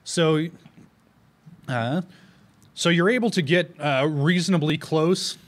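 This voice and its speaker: A man's voice: fairly high pitch, slow pace. A man narrating a tabletop fantasy game as game master, rambling with many fillers and restarts.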